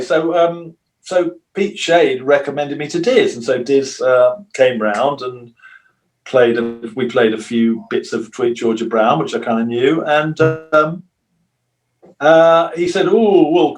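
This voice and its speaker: An older man, a guitarist, telling long, rambling stories in a relaxed interview and acting out the voices of people he quotes. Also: mid-range voice. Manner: rambling storyteller who acts out quoted voices. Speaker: guitarist guest.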